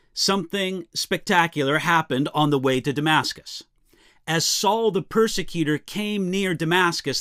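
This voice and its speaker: Expressive pastor with a lively higher voice. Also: male voice, dry recording, clean studio sound. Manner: expressive, emphatic reading with deliberate pauses. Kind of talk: daily devotional Bible teaching.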